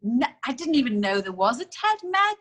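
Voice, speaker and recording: A woman's voice: high voice, big pitch swings, normal speed, fairly bright tone. A woman co-hosting a podcast, chatting casually and teasing her co-host. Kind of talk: casual chat.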